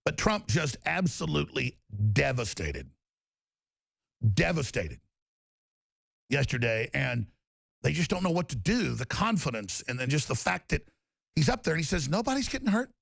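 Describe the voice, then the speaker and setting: A man's voice: mid-range voice, very animated, moderate pace, long pauses, a bit bright, no room sound. A man hosting a political talk radio show, ranting in a long monologue and mocking opponents in put-on voices. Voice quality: gravelly.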